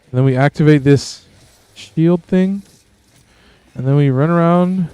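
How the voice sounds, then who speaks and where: A man hosting a game stream, chatting in a laid-back way with bursts of excitement. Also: fairly high pitch, a little slow, clean tone, no echo. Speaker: streamer host. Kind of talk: gameplay commentary.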